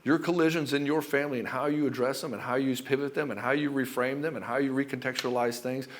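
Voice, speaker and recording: A middle-aged man giving relationship advice as a coach, talking forcefully and emphatically and swearing freely. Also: mid-range voice, fairly even intonation, fast, slight background noise. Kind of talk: direct-to-camera advice monologue.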